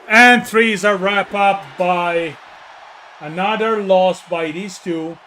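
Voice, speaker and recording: Italian guy calling wrestling, high bright voice, yells on the big spots, slow drawn-out delivery. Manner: bursts into shouts on big moves, jokey asides to co-hosts. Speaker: wrestling commentator. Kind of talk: excited play-by-play commentary.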